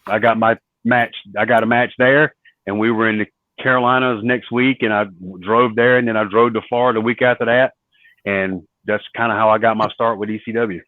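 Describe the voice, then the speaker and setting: A man's voice: lowish voice, level tone, fairly quick, dry recording. A man, a former wrestler telling stories in an interview and acting out the dialogue he quotes. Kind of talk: storytelling interview. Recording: dry, phone-like narrow sound.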